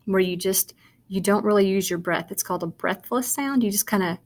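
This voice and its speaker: Speaking at a relaxed pace in a medium pitch, a woman leads young children through kindergarten sight words, sounding out and spelling each one. She encourages and praises them as she goes, talking straight to the child who is watching, in a slow and patient phonics lesson.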